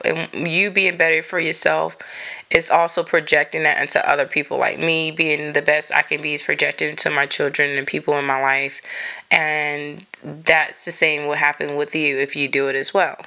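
A woman's voice: low voice, level tone, moderate pace, gravelly, sharp tone. A woman in her thirties hosting a podcast, talking casually and encouragingly with lots of filler words. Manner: chatty, many "like" fillers, encouraging. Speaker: podcast host. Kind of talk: casual motivational monologue.

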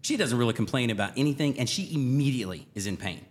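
A middle-aged man co-hosts a casual podcast and tells a story with lots of energy, acting out the lines he quotes. His pitch moves up and down a great deal, and he breaks into laughter often. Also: animated, quick pace. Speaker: podcast co-host.

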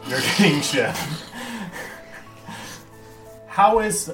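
A man playing a tabletop game, excitable and full of laughter. His pitch swings widely, though his pace stays slow. He sits away from the mic in an echoey room with music behind. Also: recorded from a distance. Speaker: player. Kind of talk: tabletop game play, casual.

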